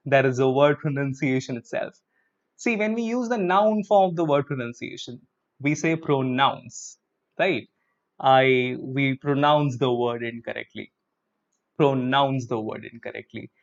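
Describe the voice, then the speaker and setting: A man with an Indian English accent teaching a live English pronunciation lesson. He breaks words into syllables, has the class repeat each word with him, and slips in Hindi words like "chalo.". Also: medium pitch. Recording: dull lo-fi sound.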